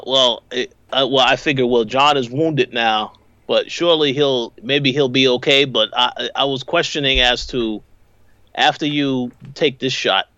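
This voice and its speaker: Measured man in a dry room. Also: medium pitch, a bit bright, no room sound, highs cut off. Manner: measured, hesitant, thinking aloud. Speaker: podcast co-host. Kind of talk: casual chat.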